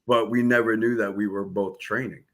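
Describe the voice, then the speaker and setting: A man's voice: fairly low pitch, fairly even intonation, brisk. A man with a New Jersey accent, born in the Philippines, casually telling stories as a martial arts guest and acting out quoted dialogue with laughs. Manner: laid-back, laughing, acts out quoted dialogue. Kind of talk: casual storytelling interview.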